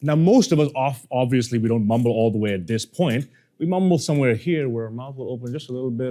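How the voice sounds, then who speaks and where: A communication coach, a fast talker with a medium-pitched voice, gives a workshop lesson on speaking. He is lively and plays out the people he quotes.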